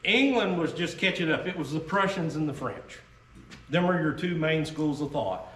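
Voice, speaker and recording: A man's voice: a little high, animated, normal speed, fairly bright tone. A man with a Southern US accent talking casually to reenactors about muskets, folksy, often checking in with "okay?". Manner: folksy, keeps tagging "okay?". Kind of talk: casual talk to a reenactor group. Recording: echoey sound from a distant mic with faint noise.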